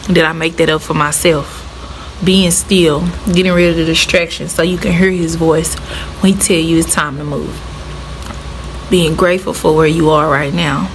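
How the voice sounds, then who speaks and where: In a casual to-camera vlog, a young ex-middle school art teacher tells her story warmly and conversationally. She speaks at a normal speed in a low, steady voice, and the rough recording carries slight background noise.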